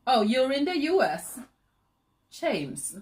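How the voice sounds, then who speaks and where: A woman's voice: high-pitched, big pitch swings, slow, darkish tone. A woman hosting a baking channel, chatting and teasing viewers during a live stream while she decorates, laughing often.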